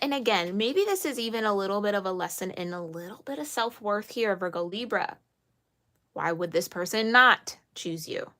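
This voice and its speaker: A woman's voice: medium pitch, fairly bright tone. Earnest woman giving a tarot reading. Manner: earnest, emphatic, repeats phrases for reassurance; playful scolding with frequent laughs. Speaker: tarot reader. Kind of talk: spoken tarot reading to viewers.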